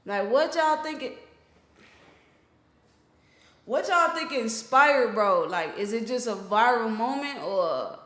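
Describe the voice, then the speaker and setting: A man's voice: very high-pitched, animated, slow, long pauses, pushed and bright. A man hosting a reaction video, talking casually with a lot of slang and swearing, and speaking bluntly to his viewers. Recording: roomy echo.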